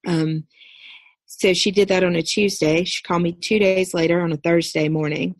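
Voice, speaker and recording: A woman in her thirties, a podcast guest, earnestly telling a personal story in a steady recounting way. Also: fairly low pitch, moderate pace, dry recording. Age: 30s. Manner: earnest, steady recounting with brief quoted dialogue.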